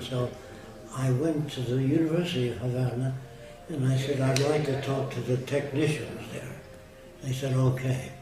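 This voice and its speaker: An older man recounts old anecdotes in a plain, blunt way, mid-pitched and unhurried in tone. He sits some distance from the microphone in a roomy, echoing space. Music plays clearly underneath him. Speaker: guest. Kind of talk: casual storytelling conversation. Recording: roomy echo, far mic, music behind.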